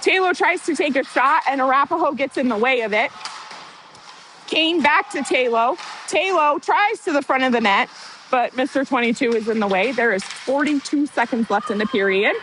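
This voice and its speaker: Excitable high-voiced woman calling hockey. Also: normal speed, slight background noise, poor audio. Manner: excitable, partisan, apologizes for getting worked up. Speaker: hockey play-by-play announcer. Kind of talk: amateur youth hockey commentary.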